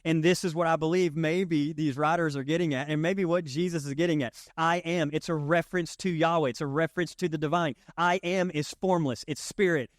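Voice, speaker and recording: A man's voice: fairly high pitch, fairly even intonation, brisk, few pauses, no echo, clean studio sound. A male pastor preaching a sermon in a conversational way, often checking in with his listeners.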